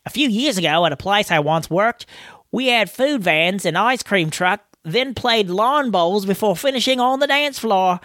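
A man's voice: high voice, expressive, moderate pace, bright, forceful tone, no room sound, studio quality. A man putting on an exaggerated Australian accent to read aloud an Australian man's email. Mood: playful. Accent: put-on Australian. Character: Australian man reading his listener email. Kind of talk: reading a listener email aloud.

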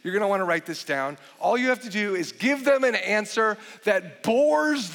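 A man in his forties preaching a sermon as a pastor, animated and joking, with frequent restarts. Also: sits high, normal speed, hardly any pauses. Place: large church hall. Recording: long hall reverb.

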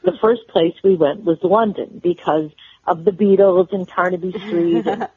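An older woman from Chicago, a guest telling personal stories in an interview, with halting restarts. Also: fairly low pitch, breathy edge, no room sound. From Chicago, USA. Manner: warm storyteller, halting restarts. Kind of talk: storytelling interview. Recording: tinny phone-line audio.

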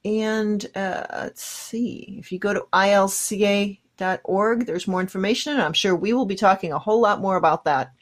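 Woman radio co-host, casual chat, brisk interjections, middle pitch.

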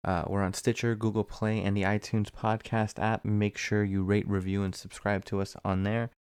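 Man, podcast co-host, gravelly, dry close sound, laid-back casual chat. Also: lowish voice, little pitch movement, normal speed, darkish tone, dry recording. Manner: laid-back, reads out social links. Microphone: records remotely on own mic.

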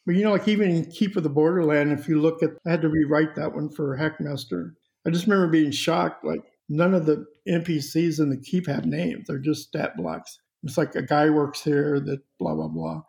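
A man's voice: fairly high pitch, fairly even intonation, brisk, gravelly, hardly any pauses, a little mellow. A middle-aged man, a cartoonist and game designer, telling anecdotes with laughs in a casual podcast chat.

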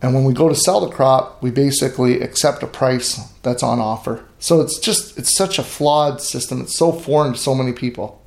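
In an echoey room, a middle-aged man who farms grain recounts stories during an interview, earnest and emphatic, frequently starting his sentences over. His voice is mid-range and darkish with vocal fry, and he keeps a moderate pace with hardly any pauses.

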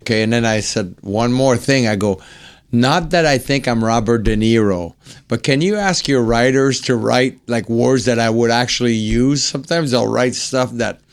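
A man who grew up speaking French, telling a long animated anecdote as an interview guest and acting out the quotes. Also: mid-range voice, moderate pace, smooth. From French-speaking upbringing. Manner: animated, acts out quotes, swears. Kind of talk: anecdote storytelling.

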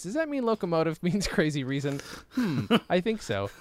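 A man's voice: a little high, very animated, normal speed. A man in his thirties in casual chat with a friend, reading old writing aloud and wandering into absurd, silly bits. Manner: absurd rambling, silly put-on voices. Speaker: podcast co-host.

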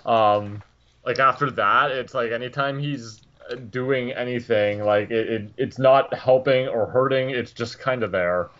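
A man's voice: medium pitch, measured pace, fairly bright tone. A man co-hosting a casual movie review podcast, rambling with lots of restarts and chuckles. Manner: rambling, many likes and restarts, dry chuckles. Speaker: podcast co-host. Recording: dull lo-fi podcast audio.

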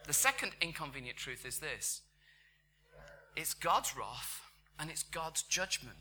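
A man delivers a sermon in a conversational way, sometimes dropping to a near-whisper and then building to loud, emphatic peaks. His voice sits a little high and sounds very bright. A faint hum runs under the recording. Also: expressive, unhurried. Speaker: preacher. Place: church.

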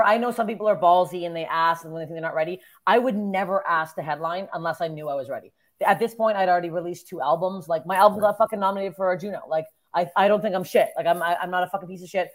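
A young woman comedian from Canada, telling stories bluntly and with plenty of swearing in casual podcast chat. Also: lowish voice. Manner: blunt, profane storytelling. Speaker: stand-up comedian, podcast guest.

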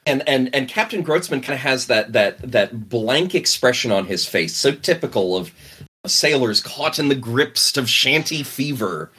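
A man's voice: mid-range voice, expressive, normal speed, pushed and bright, slightly rough. A man running a tabletop role-playing game as game master, narrating playfully, laughing and often repeating words.

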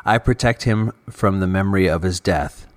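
A man voicing a calm, mysterious male construct that guards memories, speaking in a grave, deliberate way. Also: deep voice, close to an everyday voice.

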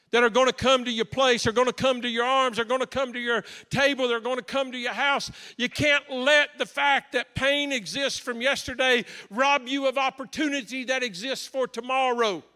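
Very high, bright-voiced male preacher. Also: smooth. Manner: impassioned, swings between solemn and joking. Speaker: pastor. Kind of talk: sermon storytelling.

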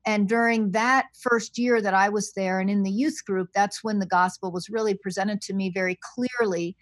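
A woman scholar, soft-spoken and thoughtful, speaking as a guest on a podcast interview over a remote line with frequent fillers. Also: mid-range voice, steady tone, normal speed, dry recording. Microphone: remote call line.

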